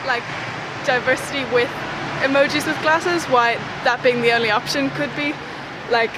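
A woman's voice: high voice, fairly even intonation, moderate pace. A young woman college student answering a street interview in a friendly, chatty way with lots of fillers. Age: young adult. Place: outdoors on a street. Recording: street recording with traffic noise. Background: traffic.

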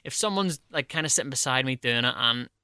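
Fast-talking man hosting a casual chat. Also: mid-range voice, expressive, sharp tone, clear, resonant tone, no room sound, studio quality. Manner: quick, conversational, steers the talk. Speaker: podcast host.

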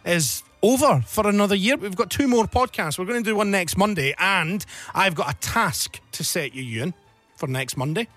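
Scottish male co-host, lively pitch, playful and quick to laugh. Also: soft background music. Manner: jokey, laughs easily. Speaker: podcast host. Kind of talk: casual chat.

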